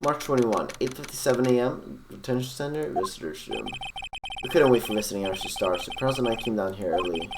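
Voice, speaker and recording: A man's voice: lowish voice, expressive, brisk, background noise. Man reading a game aloud, distant mic. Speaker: streamer reading a visual novel aloud. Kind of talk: casual game reading with asides.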